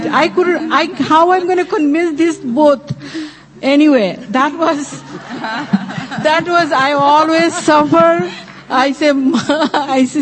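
A woman's voice: sits high, a little slow, a crowd in the background. A woman on a panel telling a short story and thanking the hosts, with non-native phrasing.

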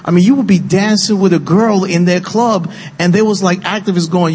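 A man's high-sitting, slightly mellow voice with a breathy edge and lively intonation comes through at normal speed with few pauses. He is on a film panel in an event hall with a live audience, speaking passionately and earnestly and becoming emotional, captured in a long-reverb space with faint noise.

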